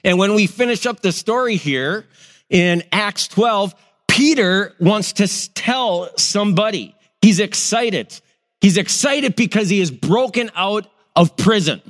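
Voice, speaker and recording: A man's voice: high voice, unhurried, long reverb tail. A middle-aged male pastor, telling stories in a sermon and acting out the voices in them. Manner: animated storyteller, acts out quoted voices. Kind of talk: sermon with personal storytelling.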